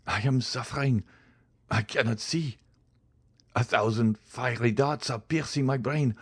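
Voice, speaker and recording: A man's voice: medium pitch, measured pace, husky, no room sound, studio quality, voice pushed up. A male narrator voicing a faithful old manservant in agony, speaking in strained, pained pleas in a storybook reading. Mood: anguished.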